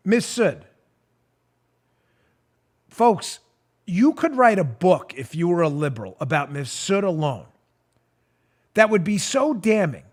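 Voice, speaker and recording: A man hosting a political talk show, sarcastic and laughing, swinging from loud jabs to hushed asides. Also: sits high. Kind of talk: animated political commentary.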